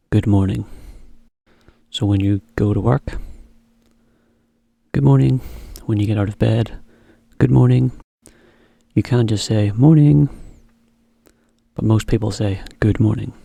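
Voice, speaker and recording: Man, English teacher, slow careful delivery, husky low voice, dry close sound. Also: mellow, no echo. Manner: slow, careful, repeats example phrases. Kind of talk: slow spoken English lesson for learners.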